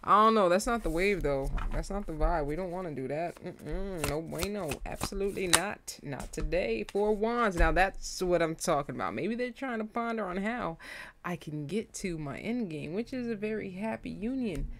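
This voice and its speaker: A woman casually doing a tarot reading for her viewers, animated, slangy and openly emotional as she talks. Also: fairly low pitch, normal speed, slight background noise. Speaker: tarot reader.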